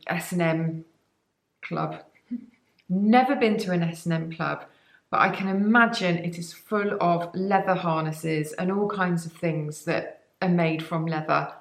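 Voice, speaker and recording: In a sponsored product chat to camera, a female beauty vlogger talks up products with enthusiasm, rambling along with cheeky asides. Her voice is lowish and gravelly, and the recording is reverberant.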